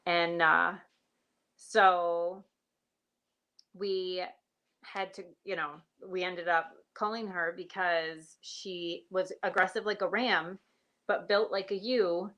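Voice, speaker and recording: A middle-aged woman chats live about her flock, rambling from one story to the next and stopping to greet viewers by name. Her voice sits a little low yet comes across bright and forceful. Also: steady tone, takes it slowly. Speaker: sheep and goat farmer hosting a livestream. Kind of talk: casual live-stream chat.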